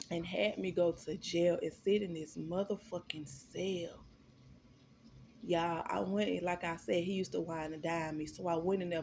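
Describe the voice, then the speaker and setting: A woman's voice: on the low side, vocal fry, a little mellow, slight background noise. A young woman from Florida telling a personal story to her viewers in a candid, profane way, often calling them y'all. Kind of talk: casual storytime vlog.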